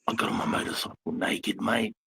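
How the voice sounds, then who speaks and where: A man's voice: a little fast, pushed and bright, dry recording, rough recording. A man, a former army instructor, telling rowdy stories in casual live chat, blunt and full of swearing. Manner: blunt, swears constantly, rambling war stories.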